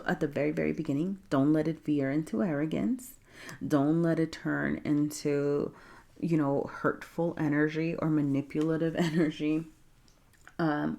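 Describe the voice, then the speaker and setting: Woman doing a casual tarot reading, low mellow voice, kinda gravelly, keeps saying okay. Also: fairly even intonation, normal speed. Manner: chatty and encouraging, laughs often, many fillers like "okay?". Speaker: tarot reader.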